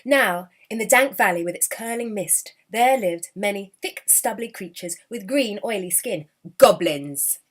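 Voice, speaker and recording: Woman, storyteller, children's book read-aloud, expressive, animated, lively pitch. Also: unhurried, hardly any pauses.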